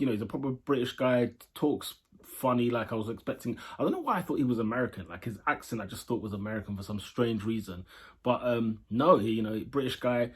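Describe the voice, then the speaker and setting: A man's voice: medium pitch, slightly rough. A young man chatting his way through a casual spoken review of a show episode, rambling and opinionated.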